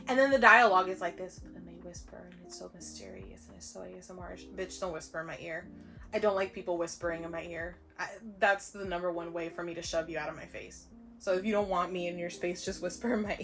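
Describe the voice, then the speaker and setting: A young woman reviewing books in a casual vlog, blunt, sarcastic and quick to swear. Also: lowish voice. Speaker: book vlogger. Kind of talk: casual book review chat.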